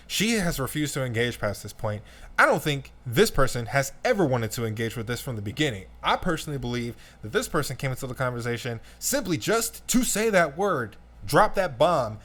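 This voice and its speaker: Male reaction commentator, lively and swooping pitch, ranty, talks straight to the audience. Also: a little fast. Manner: animated, ranting, addresses the audience. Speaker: commentator reacting to a video clip.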